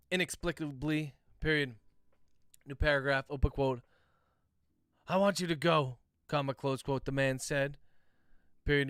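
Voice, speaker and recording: A man, an author, dictating a novel aloud on a livestream, speaking each punctuation mark, with relaxed, chatty asides to his viewers. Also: medium pitch, clean tone, no room sound, clean studio sound.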